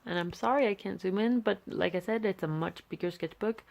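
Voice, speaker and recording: Gravelly young woman rambling casually. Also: medium pitch, a little fast, a little mellow. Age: young adult. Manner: rambling, hesitant, many fillers and restarts. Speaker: art vlogger. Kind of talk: casual chat. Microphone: handheld camera.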